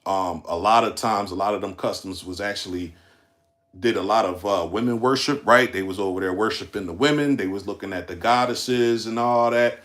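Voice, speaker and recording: A man's voice: lowish voice, moderate pace, fairly bright tone. A man with an African American accent hosting a casual commentary monologue, rambling and emphatic, talking straight to his listeners and swearing freely. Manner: rambling, emphatic, profane, addresses listeners directly.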